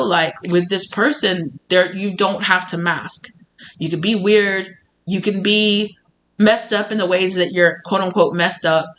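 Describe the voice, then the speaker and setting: A woman's voice: fairly low pitch, rough recording. A woman doing a tarot reading in casual, rambling talk full of fillers, now and then acting out what people say. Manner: rambling, animated, with many fillers and acted-out quotes. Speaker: tarot reader.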